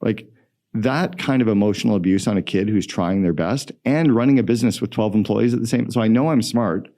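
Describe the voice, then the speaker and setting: A middle-aged man, a guest entrepreneur, telling stories in an energetic, emphatic way in a podcast interview. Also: lowish voice, brisk.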